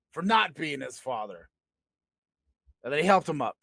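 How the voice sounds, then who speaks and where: A man's voice: on the high side, sing-song, moderate pace, creaky, sharp tone, dry recording. A man co-hosting a comedy podcast, spinning absurd made-up stories in a playful, joking way. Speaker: podcast co-host.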